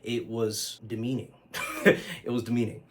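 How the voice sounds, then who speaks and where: A man's voice: mid-range voice, sing-song, a little slow, a little hiss or hum. A man telling a personal story to camera in a loose, conversational way, with lots of fillers and casual swearing. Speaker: vlogger.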